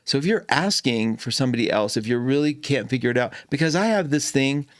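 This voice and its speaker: A man's voice: medium pitch, expressive, brisk, no echo, clean studio sound. A man hosting a live astrology stream, chatting playfully with viewers and greeting them by name.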